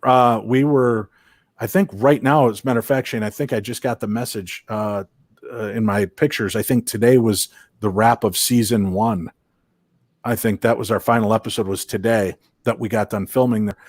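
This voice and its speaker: A man's voice: lowish voice, normal speed, no room sound. Guy w/ a chicago-minnesota accent, jokey guest, dry close mic. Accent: Chicago and Minnesota blend. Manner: joking, animated storyteller. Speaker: guest, paranormal investigator. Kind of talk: casual interview chat.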